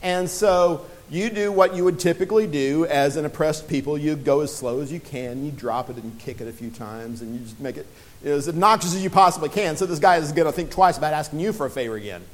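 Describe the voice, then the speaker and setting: Conversational man preaching a sermon, a bit higher voice. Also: brisk. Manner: conversational, with frequent restarts and acted-out quotes.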